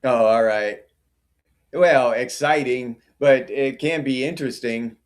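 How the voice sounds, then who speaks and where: A man's voice: medium pitch, takes it slowly. A middle-aged man hosting a casual livestream, chatting and answering viewer comments by name. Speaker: livestream host.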